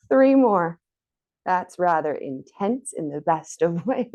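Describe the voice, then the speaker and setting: A woman with a fairly low voice leads a guided core workout, counting out reps and cheering the listener on. She sounds slightly breathless, as if she is doing every move herself. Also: sing-song, slow, muffled recording. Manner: encouraging, counts reps aloud. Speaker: fitness instructor.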